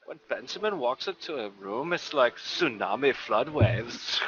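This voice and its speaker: A man's voice: medium pitch, very animated, takes it slowly, bright, forceful tone, muffled recording, slight background noise. A man joking and teasing the others at a tabletop game, laughing often. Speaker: player.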